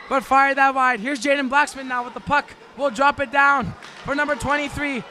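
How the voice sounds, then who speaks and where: A man calls a live hockey game at a very high pitch, his voice bright and cutting as he shouts through every rush up the ice. He talks folksy and excitable, a bit out of breath, and a faint hiss sits behind him. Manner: excitable, shouts during rushes, folksy exclamations. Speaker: play-by-play hockey commentator. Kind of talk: live sports commentary.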